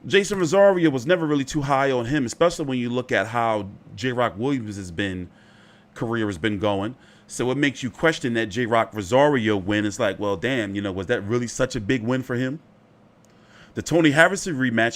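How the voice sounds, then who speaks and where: A man hosts his own boxing channel in a loose, off-the-cuff style at an ordinary speaking pitch. He rambles through fight talk and swears freely. His sentences are full of "like" and "you know.". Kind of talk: casual fight commentary.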